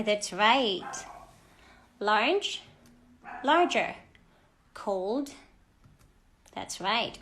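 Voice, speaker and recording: A woman with a fairly high voice teaches a children's grammar lesson at an unhurried pace. She speaks clearly and deliberately, stressing each example word and encouraging her young learners. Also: fairly bright tone. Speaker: English teacher.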